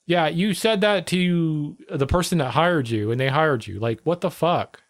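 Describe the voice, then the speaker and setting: A man's voice: fairly high pitch, normal speed, dry recording, clean studio sound. A man hosting a livestream, mocking the news clips he plays in a profane, sarcastic, casual rant. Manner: sarcastic, mocking, swears freely. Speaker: livestream host.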